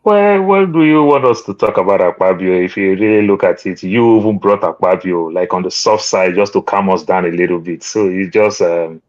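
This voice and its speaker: A man's voice: sits low, moderate pace, hardly any pauses, darkish tone, no echo, highs cut off. A man giving wry political commentary as a panel guest, telling homely proverbs. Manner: wry, chuckling, tells proverbs.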